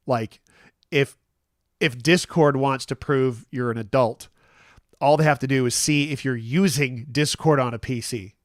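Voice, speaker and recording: Casting note: a man near fifty, solo stream host, medium pitch, rambling and self-deprecating, dry close sound. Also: no room sound. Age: 40s. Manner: rambling, self-deprecating, many restarts and fillers. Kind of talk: casual live-stream chat.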